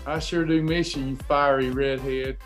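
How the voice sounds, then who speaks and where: A man's voice: mid-range voice, steady tone, moderate pace, faint music behind. A man coaching weight loss on a live stream, chatting casually and greeting viewers by name in an upbeat, folksy way.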